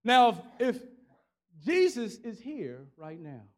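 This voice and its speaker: A man delivering a sermon with a strikingly high voice for a man. He preaches in a loose, colloquial way, stacking repeated phrases in a steady rhythm. He swells from quiet, low passages into full shouts as he works the congregation. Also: slow pace. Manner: rhythmic repetition building to shouted climaxes; colloquial preaching with call-and-response.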